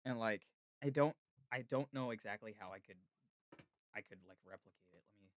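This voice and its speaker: A man's voice: lowish voice, a little fast. A man hosting a casual chat, talking enthusiastically with lots of fillers. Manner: enthusiastic, chatty, many fillers. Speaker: podcast host.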